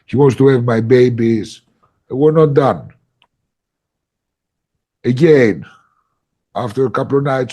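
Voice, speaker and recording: A man facilitating ayahuasca workshops, telling a story in a casual podcast chat, animated and emphatic with lots of "like" fillers. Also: mid-range voice, slow pace, pauses often, husky.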